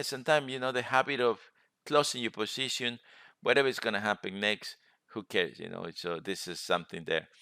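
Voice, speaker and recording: Brief: male webinar host, low voice, dry close mic, rambling with fillers. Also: sharp tone, clean tone, no echo. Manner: rambling, many fillers and self-corrections. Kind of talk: casual live screen-share lesson.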